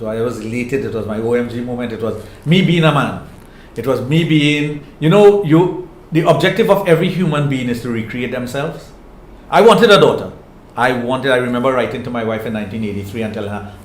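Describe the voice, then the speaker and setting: An older man with a Trinidadian accent, answering interview questions in an earnest, reflective way and often repeating phrases as he thinks. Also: mid-range voice. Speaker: interview guest, sexologist. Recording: echoey room with faint noise.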